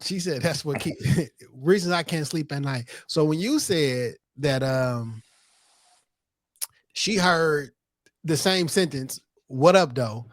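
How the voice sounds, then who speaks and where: Easygoing male podcast co-host, quick to laugh, fairly high voice, dry room. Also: lively intonation, no echo. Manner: laid-back, laughs often, quick reactions. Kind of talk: casual chat.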